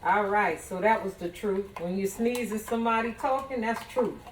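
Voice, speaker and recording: A woman's voice: medium pitch, moderate pace, very noisy. Playful woman chatting while she cooks. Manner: chatty, playful, talks straight to viewers. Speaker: home cook and vlogger. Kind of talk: casual cooking demonstration. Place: home kitchen.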